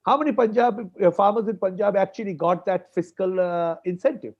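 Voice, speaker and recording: A man's voice: high-pitched, fairly even intonation, a little fast. Emphatic Indian man on a lo-fi call. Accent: Indian English. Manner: emphatic, repeats points for stress. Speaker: farmers' movement spokesperson. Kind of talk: argumentative panel discussion.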